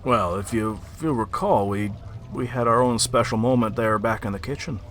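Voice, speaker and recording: A man voicing a battered, sleazy male innkeeper in a tabletop game, speaking haltingly with many fillers. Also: mid-range voice, a bit bright, faint music behind, lightly acted.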